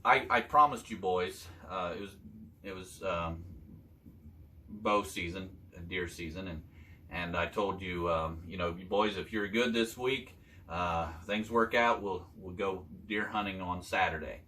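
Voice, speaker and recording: An older man telling his son hunting stories from years back, in a halting, casual way with many fillers. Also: low-pitched, pushed and bright. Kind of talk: casual storytelling chat.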